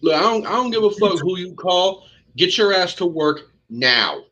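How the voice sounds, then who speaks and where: Animated, profane man on a dull recording. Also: sits high, normal speed, slight background noise. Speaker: podcast co-host. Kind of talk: casual chat.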